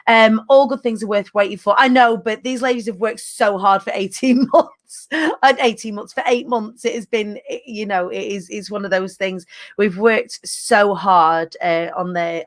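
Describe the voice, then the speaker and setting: Woman hosting a live stream, chatty and frank, restarts a lot, talks straight to her viewers. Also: fairly high pitch. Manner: energetic, candid, rambling with fillers and restarts. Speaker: business community host. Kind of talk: casual livestream update.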